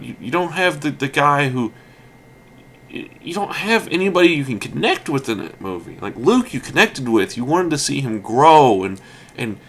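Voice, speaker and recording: Man, let's play commentator, casual rant, bright tone, very animated. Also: medium pitch. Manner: animated, ranting, many fillers and restarts.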